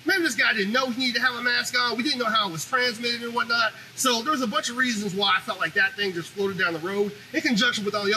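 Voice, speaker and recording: Male commentary host with a strikingly high, cutting voice, delivering a fired-up, foul-mouthed monologue. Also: slight background noise, rough recording. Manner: animated, profane, ranting. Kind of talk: opinionated monologue.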